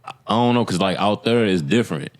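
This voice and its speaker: A man co-hosting a podcast, speaking haltingly with many fillers. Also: fairly low pitch, lively intonation. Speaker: podcast co-host. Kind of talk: casual podcast banter.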